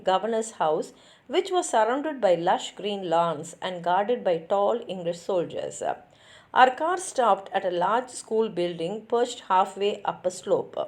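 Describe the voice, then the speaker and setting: A woman reads a novel aloud, her voice sitting at an ordinary middle pitch. She keeps a steady storytelling pace and lets the sentences carry their meaning with gentle expression. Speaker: reader.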